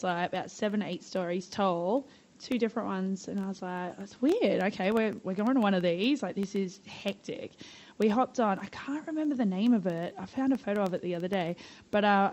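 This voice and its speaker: A woman's voice: medium pitch, darkish tone, highs cut off. An Australian woman, a guest on a podcast, telling stories in a bubbly, chatty way and swearing freely. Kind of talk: casual storytelling.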